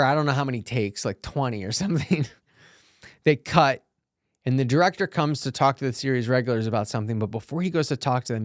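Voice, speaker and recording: A man of middle pitch tells stories from his acting career in a lively, encouraging voice. He restarts often, with plenty of fillers. The sound is dry and close to the mic. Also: no room sound. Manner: animated storytelling with many fillers and restarts. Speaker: podcast host and actor. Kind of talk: motivational solo podcast talk.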